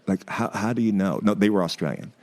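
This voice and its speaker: Deep, mellow American man hosting. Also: fast. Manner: reflective, affirming listener. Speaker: podcast host. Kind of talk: casual conversation.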